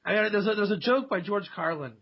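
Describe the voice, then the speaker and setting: A man from Ohio with a high, husky voice, guesting on a radio talk show. He tells stories in an animated way and slips into quoted voices. The sound is dull and lo-fi. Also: brisk. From Dayton, Ohio, USA. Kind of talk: casual radio interview.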